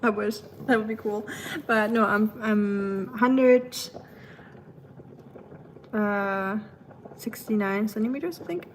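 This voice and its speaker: A woman from Germany with a German accent, casually chatting on a livestream and answering her viewers' comments, with frequent pauses. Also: medium pitch, a little hiss or hum, rough recording. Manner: chatty and rambling, with frequent "um" pauses and light laughs; switches between English and German. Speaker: livestream host.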